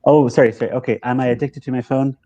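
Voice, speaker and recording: A Northern Irish man, an English teacher, chatting on a video call in a relaxed, jokey, self-mocking way. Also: medium pitch, fast, no echo, highs cut off. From Northwest of Ireland, Derry. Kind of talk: casual conversation on a video call.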